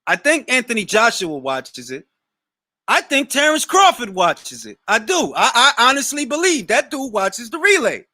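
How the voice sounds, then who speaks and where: A man's voice: very high voice, big pitch swings, normal speed, bright, forceful tone, no room sound, clean studio sound. A young man hosting a boxing talk show, answering live questions in a casual, slangy way and often repeating words as he starts a thought.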